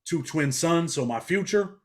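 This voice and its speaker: A middle-aged New York man, formerly in prison, talks bluntly in a casual interview. His voice is on the high side and his pace is measured, and he tells stories in an animated, street-talking way.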